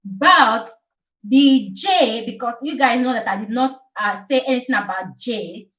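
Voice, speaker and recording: A woman with a slightly high voice teaches the alphabet in a relaxed live stream. She repeats each letter and keeps asking "okay?". Her voice sounds set back from the mic, with a dull, muffled sound. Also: unhurried, distant mic. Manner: chatty, repeats letters, asks "okay?" often. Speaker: Italian teacher.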